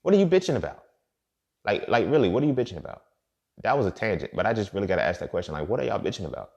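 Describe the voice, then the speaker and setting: A man hosting a podcast and speaking a casual monologue, blunt and profane, repeating his points. He swings from loud emphatic outbursts to quiet muttered asides. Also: on the low side, sing-song, racing, creaky. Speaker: podcast host.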